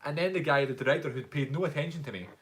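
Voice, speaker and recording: Speaking very fast in a fairly high, fairly bright voice, a young Scotsman with a Glaswegian accent answers a live stream Q&A. He's a YouTuber and actor who rambles casually through stories and laughs a lot.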